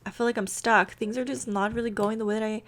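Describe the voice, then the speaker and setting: Brief: a woman doing a nervous young woman, halting and stammering, wracked with guilt. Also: a little high, fairly even intonation, lightly acted. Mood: anxious. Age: young adult. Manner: stammering, hesitant. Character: guilty, anxious young woman confessing to her friend.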